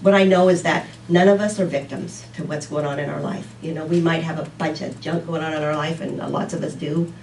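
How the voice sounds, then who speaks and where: A woman's voice: low-pitched, steady tone, a little fast, hardly any pauses, a little mellow, reverberant, far from the mic, slight background noise, poor audio. A woman giving a casual, rambling sermon talk to a congregation, often laughing at herself. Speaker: speaker at a church service.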